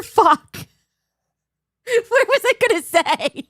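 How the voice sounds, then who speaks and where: Speaking at normal speed in a slightly high, bright, forceful voice, the livestream host sounds animated. Overtired and rambling, she loses her thread and breaks into a mock auctioneer routine, recorded at studio quality with no room sound.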